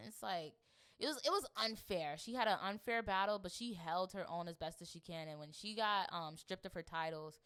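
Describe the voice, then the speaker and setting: Animated young woman, bright voice. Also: fairly low pitch, normal speed, clear, resonant tone. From Florida. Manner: animated, acts out scenes with quoted voices. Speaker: podcast co-host. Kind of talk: casual chat.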